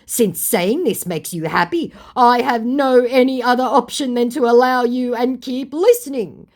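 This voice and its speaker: A woman voicing a pleading, evasive male online scammer, slow and wheedling. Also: fairly high pitch, a little mellow, pitched above the performer's own voice. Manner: wheedling, drawn-out.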